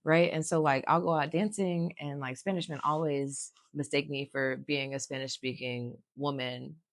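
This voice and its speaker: A woman's voice: low-pitched, steady tone, moderate pace, no echo, studio quality. A young woman co-hosting a casual podcast, blunt and joking, swearing freely. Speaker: podcast co-host.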